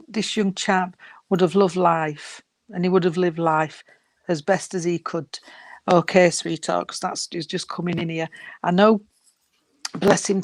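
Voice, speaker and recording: A woman giving a spirit reading to a sitter, gentle and unhurried, often calling her sweetheart and darling. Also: fairly low pitch, no echo. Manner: unhurried, halting delivery. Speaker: psychic medium.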